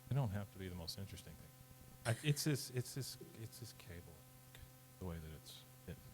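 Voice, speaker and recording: A man's voice: low voice, animated, brisk, a little mellow, a little hiss or hum. A man hosting a casual chat, joking and laid-back, often breaking into laughter. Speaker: podcast host.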